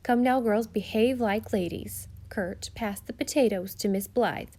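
A woman's voice: medium pitch, measured pace. A woman doing a placid country aunt. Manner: calm, placid.

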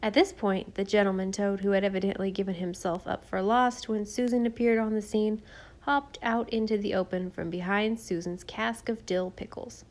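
A woman with a mid-range voice reads a children's classic as an audiobook. Her scripted narration is measured and expressive, delivered in a calm, even way.

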